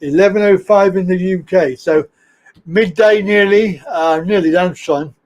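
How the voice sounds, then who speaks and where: High-pitched guy hosting a live stream, rambly and chatty, chuckles when he fumbles. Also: a little slow, a little mellow, muffled recording, a little hiss or hum. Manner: chatty, rambling, laughs at his own slips. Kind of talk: casual live-stream chat. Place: home studio, in Thailand.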